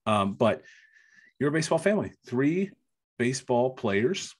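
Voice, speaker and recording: A man hosting a podcast interview in a relaxed tone, with frequent laughs and many hesitant "um"s. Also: medium pitch, moderate pace. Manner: laughs easily, hesitant fillers. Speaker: podcast host. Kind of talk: casual interview.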